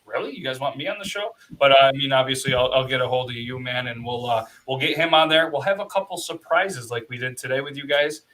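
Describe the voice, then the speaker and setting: Bright-voiced joking podcast host man. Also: medium pitch, steady tone, poor audio. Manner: joking, quick asides. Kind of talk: casual chat. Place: home studio.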